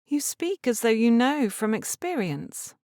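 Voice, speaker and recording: A woman voicing an earnest, gentle young lady in a Regency audiobook, speaking in a pleading way. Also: on the high side, sing-song, a little slow, dry recording, clean studio sound, pitched above the performer's own voice. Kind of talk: audiobook character reading.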